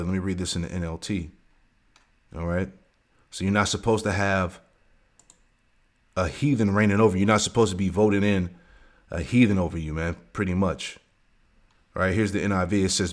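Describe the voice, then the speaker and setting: Male religious teacher, low voice, slow verse reading, casual asides. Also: fairly even intonation. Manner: reads verses slowly, peppers talk with "man" and "all right". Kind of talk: scripture lesson.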